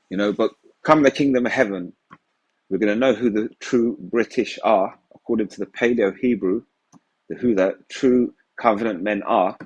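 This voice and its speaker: A man's voice: medium pitch, breathy edge. A man giving an informal religious teaching in a conversational way, often saying "you know". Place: England.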